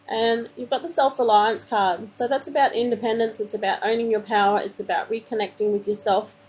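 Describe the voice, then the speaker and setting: A woman reading tarot cards for viewers on a live stream, calmly reassuring them and calling them honey. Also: a little high, slight background noise, rough recording. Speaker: tarot card reader. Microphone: phone.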